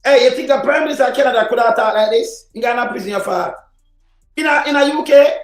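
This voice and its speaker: A man with a Jamaican accent giving heated political commentary on a live stream, often raising his voice to a shout and mixing patois with English. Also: very high voice, fast talker, roomy sound, faint music behind, rough recording. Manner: fired-up, sometimes shouting, mixes patois and English.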